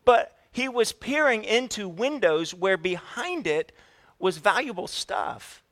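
A man preaching a sermon, telling a family story in an animated way and putting questions to the congregation. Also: high voice, slow pace. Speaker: pastor.

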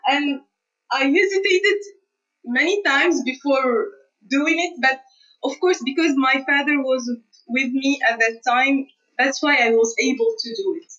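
A woman's voice: high voice, measured pace, a bit bright. A woman answering interview questions as a guest scientist, earnest and hesitant, with restarts and light laughs. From Tunisia. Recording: distant, dull remote recording.

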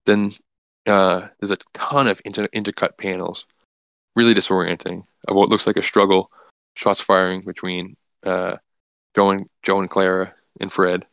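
Low gravelly man rambling through a recap. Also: flat delivery, moderate pace, fairly bright tone, no room sound. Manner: rambling, full of "like" and restarts. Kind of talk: casual comic book recap.

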